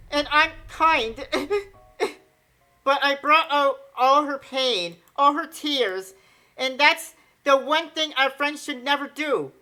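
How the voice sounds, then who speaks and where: A woman's voice: high-pitched, takes it slowly, sharp tone, voice pushed up, full character voice. A woman voicing a kind teenage schoolgirl who is crying as she apologizes. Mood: tearful.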